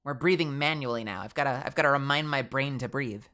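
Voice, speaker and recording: With a bass voice and rapid delivery, a young woman rambles through a casual VTuber stream. Her nose is stuffy, her manner animated and chatty, and "like" fills her sentences.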